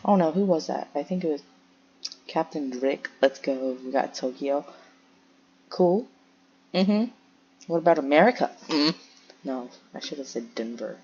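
A woman's voice: deep voice, lively intonation, a little slow, pauses often, a little mellow, breathy edge, dull audio. A young woman chatting casually while playing a firefighter game, making radio calls and talking to her cats.

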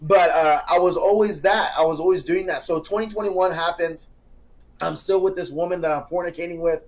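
A young man on a podcast giving an earnest personal testimony, telling it as a story with quoted dialogue and growing animated at the high points. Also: a little fast. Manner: earnest, grows animated and excited when telling the climax. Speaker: podcast guest. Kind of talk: casual testimony.

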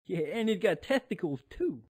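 Man playing a swaggering cartoon loudmouth, high voice, bouncy pitch, profane. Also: big pitch swings, moderate pace, slightly rough, full character voice. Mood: crude. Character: crude, foul-mouthed loudmouth man, brash.

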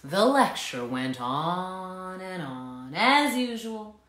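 A woman teacher doing an animated, interactive children's read-aloud, coaxing the listeners to join in. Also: low voice, takes it slowly. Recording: echoey room.

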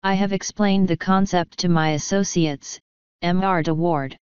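Woman voicing a prim beggar man, formal, precise, slow, low voice. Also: fairly even intonation, darkish tone, clear, resonant tone, no echo, dull audio, natural voice. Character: formal male beggar who speaks primly.

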